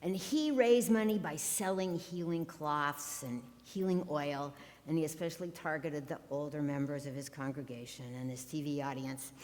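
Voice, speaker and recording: A woman's voice: sits low, moderate pace, darkish tone. A woman pastor preaching a sermon from the pulpit, with wry, sarcastic asides. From Ohio. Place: church sanctuary. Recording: long church reverb.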